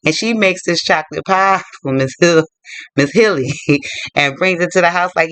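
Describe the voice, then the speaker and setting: A man's voice: a little high, normal speed, fairly bright tone, clean tone, dry recording. A man retelling a novel's plot in a chatty, loose way, full of fillers and asides to the viewer. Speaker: book vlogger. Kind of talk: casual book retelling.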